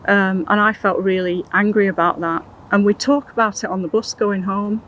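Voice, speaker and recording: An older woman recounting her personal experiences in an interview, in an earnest, halting way with many restarts. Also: mid-range voice, steady tone, a bit bright, dull audio, slight background noise. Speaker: interview guest.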